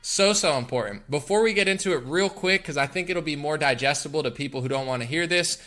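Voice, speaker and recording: A man hosting a political talk podcast, ranting in a combative, emphatic way. His voice sits a bit high and sounds bright and forceful. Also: fast talker. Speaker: podcast host.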